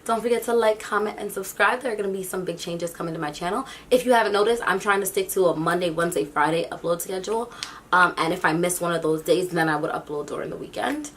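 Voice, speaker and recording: A young woman telling a storytime vlog, acting out the people she quotes in an animated way. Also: quick pace, a little hiss or hum. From New York City. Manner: animated, acts out quotes with big pitch jumps. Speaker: YouTube vlogger.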